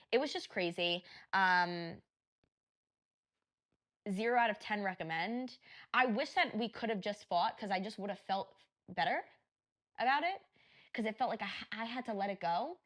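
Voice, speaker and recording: A woman on a casual chat podcast retells a run-in at length, swearing freely and slipping into the voices of the people involved. Her voice sits at an ordinary middle pitch, and the delivery stays animated throughout. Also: moderate pace, long pauses. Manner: animated retelling, profane, acts out quotes. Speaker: podcast co-host.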